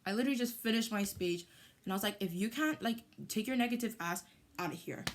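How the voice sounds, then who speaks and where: Woman, storytime vlogger, animated, indignant retelling. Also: mid-range voice, quick pace, slight background noise. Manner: animated, heated retelling with lots of "like". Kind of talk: storytime vlog.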